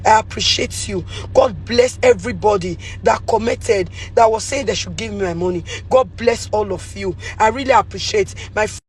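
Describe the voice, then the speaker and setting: A hoarse Nigerian woman giving an effusive, emotional thank-you message full of praise and blessings. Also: mid-range voice, normal speed, hardly any pauses, slight background noise.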